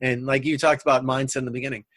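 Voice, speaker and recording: A man guest on a coaching talk show, calmly explaining his personal philosophy like a trainer. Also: mid-range voice, racing, no room sound. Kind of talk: conversational interview.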